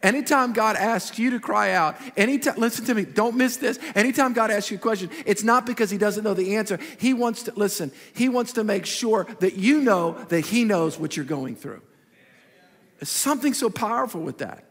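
A man preaching a sermon as pastor, animated and repetitive, acting out little quotes as he goes. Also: high voice, moderate pace. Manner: animated preaching, repeats phrases, acts out quotes. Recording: reverberant hall.

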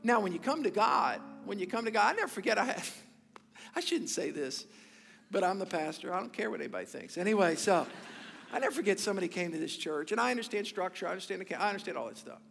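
A man's voice: high-pitched, lively intonation, quick pace, gravelly, a bit bright. A man preaching a sermon as pastor in a church service, with emphatic repeated phrases and rhetorical questions. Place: church sanctuary during a service. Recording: long hall reverb with faint music.

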